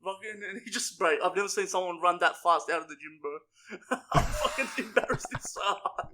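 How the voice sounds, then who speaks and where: Bright-voiced young man telling rowdy stories. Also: high-pitched, brisk, a little hiss or hum. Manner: swearing, rowdy, laughing storyteller. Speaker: podcast co-host. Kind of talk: casual storytelling chat.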